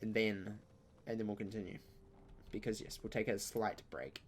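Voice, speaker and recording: A young man, chatting casually through a live-streamed game, joking and breaking into loud outcries. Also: fairly low pitch, fairly even intonation, moderate pace, slight background noise. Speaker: gaming streamer.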